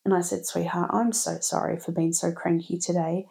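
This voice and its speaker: A woman's voice: on the low side, normal speed, gravelly. A woman, hosting a podcast and talking frankly and expressively about parenting. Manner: frank and expressive, laughs often. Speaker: podcast host. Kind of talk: candid casual chat.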